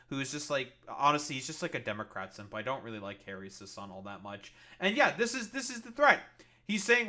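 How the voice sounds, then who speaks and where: A man's voice: medium pitch, sharp tone. A man commenting on news clips as a streamer, ranting angrily and swearing constantly. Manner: profane, angry ranting. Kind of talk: casual political commentary.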